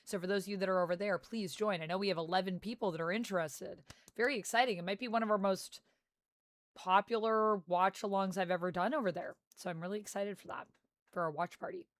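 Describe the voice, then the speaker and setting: Chatty woman streamer, smooth voice. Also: medium pitch, steady tone, fast talker. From Canada. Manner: chatty, greets viewers by name. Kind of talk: casual livestream chat.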